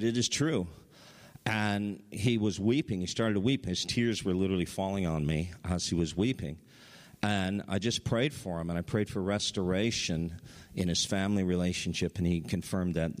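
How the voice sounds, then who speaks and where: A man preaching a sermon, telling stories with excitement and his voice jumping up high at the big moments. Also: big-room sound. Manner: excited storytelling, voice rising high at highlights. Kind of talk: sermon testimony.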